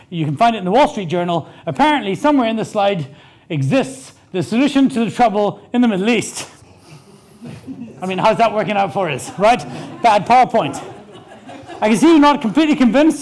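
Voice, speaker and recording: Male keynote speaker with a high-pitched voice, brash comic storyteller on a live stage. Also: a little mellow. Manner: brash, joking, swears, acts out quoted people. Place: stage before a live audience.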